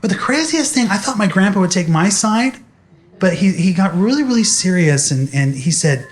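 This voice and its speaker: A man's voice: sits high, animated, moderate pace. A young man speaking animatedly to an audience, telling a personal story in a motivational talk.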